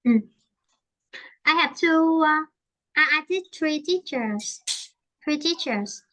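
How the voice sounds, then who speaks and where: A woman's voice: high-pitched, expressive, slow pace, bright, forceful tone. A woman with a Vietnamese accent teaching an English lesson, switching between Vietnamese and English and explaining with many fillers and restarts.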